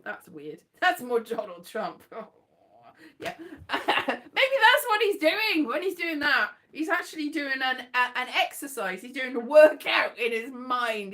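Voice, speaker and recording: A woman's voice: high-pitched, fairly bright tone. A woman chatting casually in a rambling, jokey way, often laughing and restarting her sentences. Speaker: host. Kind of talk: casual chat.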